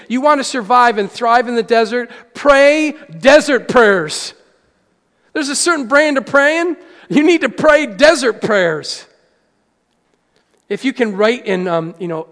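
A man preaching a sermon as pastor, swinging from hushed to loud and calling out to the congregation. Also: very high voice. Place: church hall. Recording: echoey hall.

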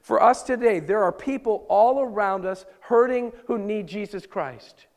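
A man preaching a sermon as pastor, moving between loud emphasis and hushed, intimate asides. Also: sits high, a little slow. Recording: long hall reverb.

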